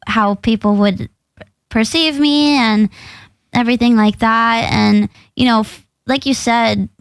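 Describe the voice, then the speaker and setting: A woman's voice: a little high, fairly even intonation, unhurried, no echo. A woman co-hosting a podcast, chatting casually in a playful, giggly, rambling way. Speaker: podcast co-host. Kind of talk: casual chat.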